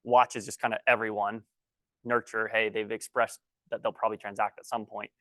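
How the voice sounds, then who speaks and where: A man's voice: lowish voice, level tone, a bit bright. A man leading a training workshop, a little out of breath. He keeps restarting his sentences and talks while writing on a board. The sound is dry, with no room echo. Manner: halting, restarts sentences often; writes on a board while talking. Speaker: guest trainer. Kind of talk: teaching a workshop.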